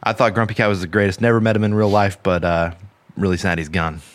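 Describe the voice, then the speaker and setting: A man's voice: low-pitched, steady tone, fast, dry recording. A man co-hosting a casual podcast, earnest and emphatic, swearing for emphasis. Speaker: podcast co-host.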